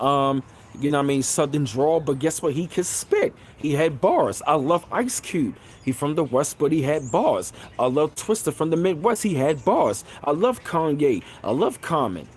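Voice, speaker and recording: A man hosting a casual live stream, talking loosely and repeating filler phrases, getting louder and higher when excited. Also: slight background noise. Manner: loose, rambling, repeats phrases like "you know what I'm saying". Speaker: channel host.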